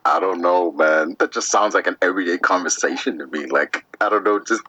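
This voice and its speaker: A man's voice: deep voice, fairly quick. A man hosting a podcast in casual chat, telling crude stories with lots of swearing. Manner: crude, animated, swearing storyteller. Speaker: podcast host. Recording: dull lo-fi sound.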